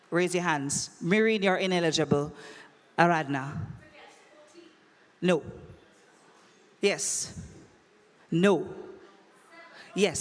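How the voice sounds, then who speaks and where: A woman's voice: on the low side, takes it slowly, long pauses. Playful woman emceeing in a hall. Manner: playful, teasing, animated crowd-work. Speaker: conference emcee running a quiz. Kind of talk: lively live event hosting. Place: large conference hall. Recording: long echoey hall reverb.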